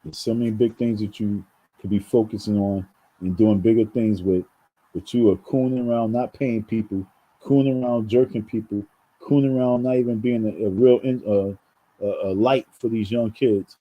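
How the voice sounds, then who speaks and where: A man's voice: on the low side, steady tone, moderate pace, narrow, tinny audio. A man from New York talking straight to his viewers in a rambling commentary, often repeating words and calling them folks. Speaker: vlogger. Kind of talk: casual commentary monologue.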